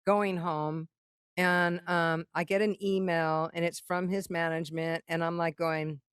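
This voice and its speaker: A middle-aged woman, a songwriter and keynote guest, telling a story in casual talk. She is animated, swears freely and acts out what other people said. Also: lowish voice, unhurried, clean tone, dry recording, clean studio sound.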